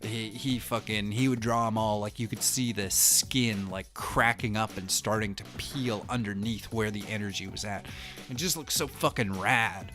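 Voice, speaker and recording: A man's voice: fairly low pitch, normal speed, pushed and bright, soft background music. A man hosting a casual comic-book monologue, rambling and swearing heavily as he interrupts himself. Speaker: host.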